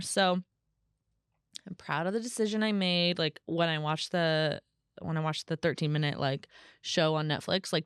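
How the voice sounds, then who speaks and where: Woman, solo podcast host; chatty, animated storyteller, smooth voice, dry close sound. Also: no room sound. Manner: acts out quoted voices in a higher pitch.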